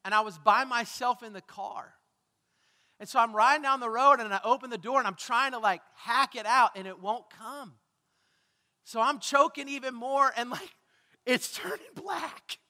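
A man's voice: very high-pitched, moderate pace, bright, forceful tone, long reverb tail. A man preaching a sermon as pastor, talking conversationally, asking the congregation questions and making self-deprecating asides. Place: church sanctuary.

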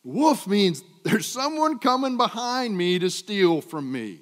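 A man preaching a sermon with dynamic delivery, swinging from loud emphatic peaks to low trailing phrase ends. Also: animated, measured pace, hardly any pauses. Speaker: pastor. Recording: long hall reverb.

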